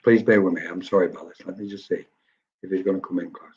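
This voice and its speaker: A man's voice: sits low, fairly even intonation, very fast, a little mellow, highs cut off. A man working as a psychic medium, giving live-stream readings in a chatty way and often checking in with "okay?". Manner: chatty, tags lines with "okay?".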